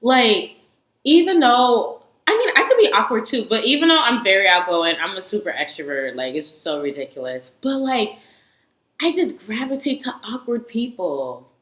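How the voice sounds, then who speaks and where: A woman chatting to camera with a bright, forceful voice. She speaks in loose, slangy, outspoken bursts and laughs often. The sound is roomy and echoing. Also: fairly high pitch, moderate pace. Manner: slangy, animated storytelling with frequent laughs; candid and outspoken, often swears. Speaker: reality TV reviewer. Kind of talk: casual chat.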